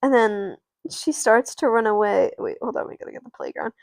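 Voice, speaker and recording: A woman's voice: fairly high pitch, a little fast, vocal fry, no room sound. A woman casually narrating her doll play, rambling and often stopping herself mid-sentence. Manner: rambling, self-interrupting.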